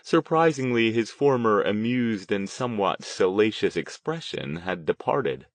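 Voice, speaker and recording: A man narrating an audiobook with expressive storytelling. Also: fairly low pitch, a little slow, few pauses, no echo. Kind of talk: scripted narration.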